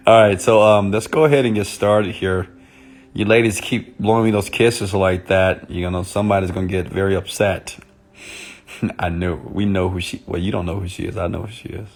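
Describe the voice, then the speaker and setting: A man speaking softly and intimately on a live stream, greeting viewers by name as a motivational speaker. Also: low-pitched, fairly even intonation, normal speed. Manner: soft, intimate on purpose; chatty, greets commenters by name.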